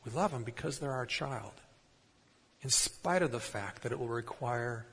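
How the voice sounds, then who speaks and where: A man's voice: medium pitch, normal speed, gravelly, fairly bright tone, slight background noise. Man preaching in a reverberant hall. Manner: conversational, asks the congregation rhetorical questions. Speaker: pastor. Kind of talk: sermon. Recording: long reverb in a large hall.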